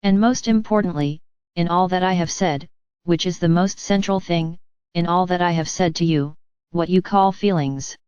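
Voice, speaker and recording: Low, smooth-voiced woman channeling a message. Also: moderate pace, no echo, dull audio. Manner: gentle, patient, addresses listeners as dear ones. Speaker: spiritual channeler.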